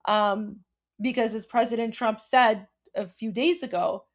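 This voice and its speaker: A woman's voice: on the high side, fairly even intonation, a little slow. Emphatic woman hosting a live stream. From Iran. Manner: emphatic, repetitive, many fillers and restarts. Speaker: host.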